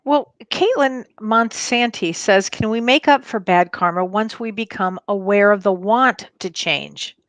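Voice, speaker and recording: A woman's voice: mid-range voice, measured pace, few pauses, a bit bright, no echo. A female co-host who affirms her partner and reads out viewer questions in a casual spiritual talk show.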